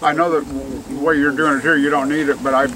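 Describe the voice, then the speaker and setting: A man on a garden tour asking questions in a relaxed, folksy way, with fillers and hesitations. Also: fairly high pitch, quick pace, rough recording. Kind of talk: casual conversation. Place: outdoors in a garden with a crowd. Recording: outdoor recording with crowd noise.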